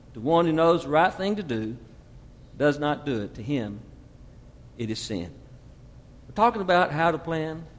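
A man in his fifties preaching a sermon, sweeping from loud emphasis to hushed asides. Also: on the high side, in a large hall. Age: 50s. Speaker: pastor.

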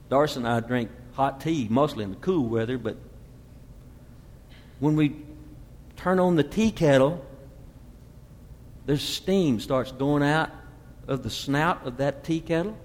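A man in his fifties preaching a sermon, sweeping from loud emphasis to hushed asides. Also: mid-range voice, lively intonation, a little slow, long pauses, in a large hall. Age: 50s. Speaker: pastor.

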